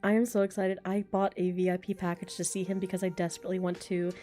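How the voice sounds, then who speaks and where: Chatty mellow-voiced woman in her thirties. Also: fairly low pitch, flat delivery, fast, faint music behind. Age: 30s. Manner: chatty, rambling, self-deprecating. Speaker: voice actor and streamer. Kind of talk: casual livestream chat.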